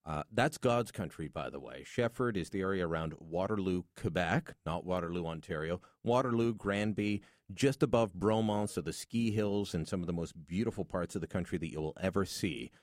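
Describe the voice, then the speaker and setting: A man's voice: deep voice, moderate pace, hardly any pauses, no echo, studio quality. A man hosting a radio talk show, chatty, with asides between segments. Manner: chatty, asides and station plugs. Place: radio studio.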